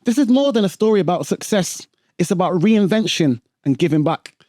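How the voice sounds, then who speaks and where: A man hosting a podcast, introducing his guest and asking questions in a relaxed way with fillers. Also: high-pitched, brisk, no echo, clean studio sound. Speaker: podcast host. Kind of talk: casual podcast interview.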